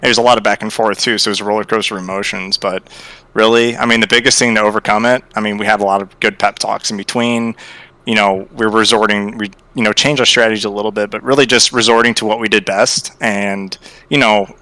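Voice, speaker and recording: A man with a low voice and a bright, forceful tone talks over the match in a relaxed, reflective way. The sound is dry and close. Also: fast talker, dry recording. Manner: relaxed, reflective, hedging with fillers. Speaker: player. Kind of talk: post-match interview.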